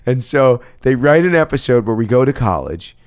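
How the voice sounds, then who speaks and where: A man's voice: mid-range voice, big pitch swings, moderate pace, darkish tone, no echo, clean studio sound. A man in his fifties, an actor guest on a casual chat podcast, telling stories animatedly and laughing often.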